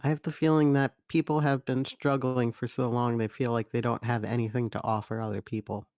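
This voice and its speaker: A man's voice: medium pitch, flat delivery, a little fast, a little mellow, no room sound, clean studio sound. A man playing his character in a tabletop game, earnest and hesitant, often restarting sentences. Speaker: player. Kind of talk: in-character tabletop role-play.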